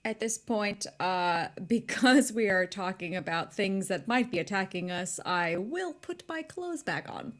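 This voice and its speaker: A woman's voice: mid-range voice, lively intonation, a little slow, hardly any pauses, fairly bright tone. A woman playing a tabletop game, talking hesitantly with many fillers and giggles. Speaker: player. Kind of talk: casual tabletop role-play.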